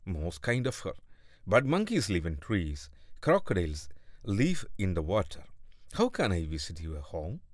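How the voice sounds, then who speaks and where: Storybook monkey, cheerful and quick-witted, voiced by a man, lively lilt. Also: deep voice, no echo, studio quality, exaggerated voice. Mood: friendly, alarmed.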